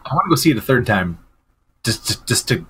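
Male podcast guest, casual chat, low-key, lively pitch, faint hiss behind. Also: fairly quick. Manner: short agreeing replies, low-key.

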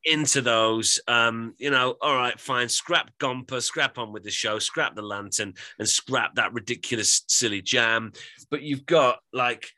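Bright-voiced man reviewing an album. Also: medium pitch, measured pace. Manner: opinionated, rambling with fillers. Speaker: podcast co-host. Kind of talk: casual album review chat.

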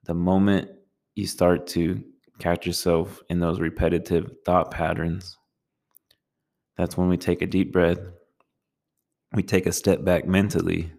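A man giving a calm, measured talk on meditation, speaking in a slow and soothing way. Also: low-pitched, creaky. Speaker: meditation teacher.

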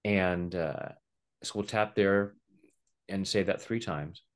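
The middle-aged guest, who practices EFT tapping, explains and demonstrates it playfully, often performing the voices of people he quotes. His voice sits low, with a steady tone and a slow pace.

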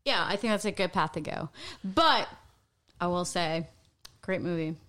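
A woman's voice: lowish voice, measured pace, fairly bright tone. A woman co-hosting a casual podcast from her home studio, talking in a chatty, emphatic way. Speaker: podcast co-host. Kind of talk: casual chat.

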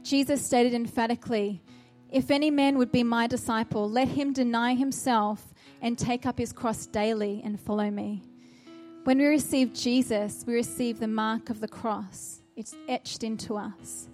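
A woman's voice: fairly high pitch, steady tone, unhurried, darkish tone, faint music behind. A woman preaching a sermon, earnest and exhorting, with a run of searching rhetorical questions.

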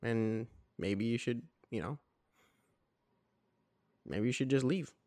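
A man's voice: mid-range voice, takes it slowly, darkish tone, no room sound. A man co-hosting a casual podcast, talking bluntly and matter-of-factly with a no-nonsense, tough-minded manner. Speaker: podcast co-host. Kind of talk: casual chat.

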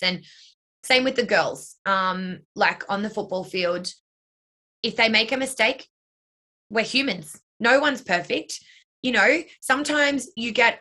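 Chatty young woman with a bright voice. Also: fairly high pitch, measured pace. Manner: chatty, lots of "like" and "you know". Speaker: dance and cheer coach, choreographer. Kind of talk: casual interview answers.

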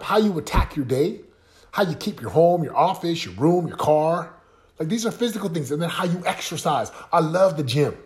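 A man hosting a podcast, giving a motivational talk in short, punchy phrases full of rhetorical questions. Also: fairly high pitch. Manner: punchy, repetitive coaching delivery with rhetorical questions. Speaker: podcast host.

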